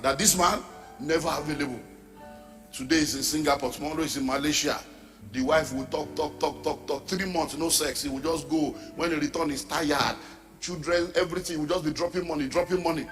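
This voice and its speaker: A man's voice: on the high side, brisk, a bit bright, long reverb tail, faint music behind. A middle-aged Nigerian man preaching a sermon as pastor, emphatic, dropping into pidgin asides and mimicking the people he talks about.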